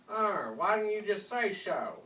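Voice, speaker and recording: A bored, rude teenage girl behind a counter, as a man reading a storybook puts her on, drawling thick and slow and brushing everything off. The voice is pushed well up in pitch and echoes in a roomy space, heard from far off. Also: pushed and bright, a little hiss or hum. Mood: dismissive. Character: rude, bored thirteen-year-old girl at a ticket counter. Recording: roomy room, mic far off.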